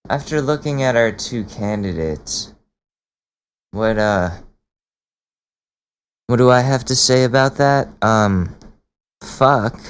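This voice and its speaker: A man's voice: medium pitch, a little hiss or hum. A man hosting a podcast, reacting to clips in casual commentary, blunt and incredulous, swearing freely. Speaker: podcast host.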